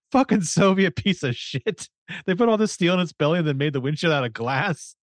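A man's voice: fairly high pitch, expressive, fairly quick, dry recording. A man co-hosting a book podcast, chattily recapping a novel and reading dialogue aloud. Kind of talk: casual chat, recapping a novel.

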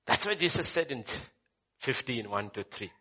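A male pastor preaching emphatically, swinging between loud exclamations and hushed asides. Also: mid-range voice, lively intonation, moderate pace. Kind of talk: sermon.

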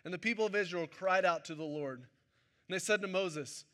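A man with a high, ringing voice preaches a sermon during a church service. His delivery stays bright and forward, and he speaks like he is chatting and joking with the congregation. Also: normal speed. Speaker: pastor.

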